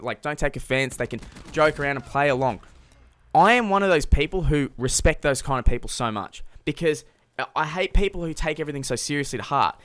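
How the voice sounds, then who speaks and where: A man's voice: medium pitch, fairly bright tone, dry recording. A man giving a blunt, heated rant on his vlog, full of casual filler words. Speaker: YouTube commentator.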